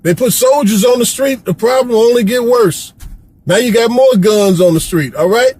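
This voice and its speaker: Middle-aged man from Chicago, high husky voice, preachy, pleading vlog rant. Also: normal speed, a little mellow, poor audio. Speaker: vlogger. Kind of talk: impassioned rant to camera. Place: Florida.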